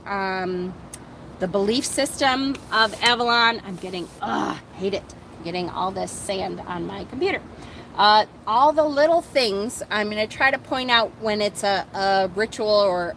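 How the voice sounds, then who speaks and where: A woman's voice: fairly high pitch, a little hiss or hum, rough recording. Chatty woman reading and discussing a book. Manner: chatty, animated, with frequent fillers. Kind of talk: casual book reading and commentary. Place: outdoors, on sand.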